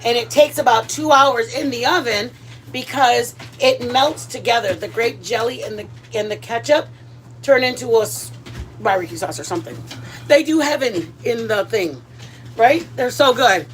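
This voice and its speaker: A woman's voice: fairly high pitch, normal speed. A middle-aged woman vlogging in a rambling, chatty, self-deprecating way while she cooks at home. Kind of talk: casual chat.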